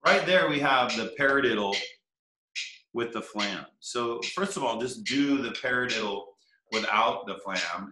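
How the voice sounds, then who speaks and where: A man's voice: mid-range voice, expressive, a little slow, sharp tone. Easygoing male percussion teacher, echoey room. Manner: counts rhythms aloud, easygoing. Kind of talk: casual instruction.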